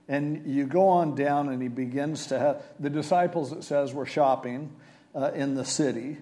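Man preaching in a relaxed, mellow voice. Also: mid-range voice, normal speed. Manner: casual, conversational retelling of scripture. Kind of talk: sermon.

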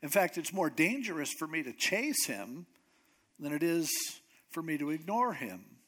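A man's voice: on the high side, big pitch swings, moderate pace, fairly bright tone. A man voicing a remorseful king who pleads and apologizes through tears, in a sermon retelling. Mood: relieved.

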